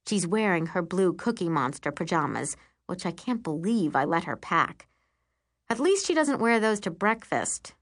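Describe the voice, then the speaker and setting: A woman narrating a first-person audiobook in a lively, expressive storytelling manner. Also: fairly low pitch, moderate pace.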